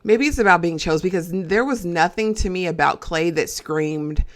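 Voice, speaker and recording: Chatty lady recapping a dating show, kinda low voice, lots of "okay?" and "honey". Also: normal speed. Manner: chatty, animated, asks the viewer "okay?". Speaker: reality TV reviewer. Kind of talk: casual recap and review.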